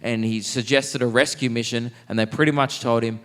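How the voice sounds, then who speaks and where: An Australian man doing stand-up in a theatre, telling a story quickly and with lots of animation. His voice sits at an ordinary middle pitch. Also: steady tone, long reverb tail. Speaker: stand-up comedian. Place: theatre stage.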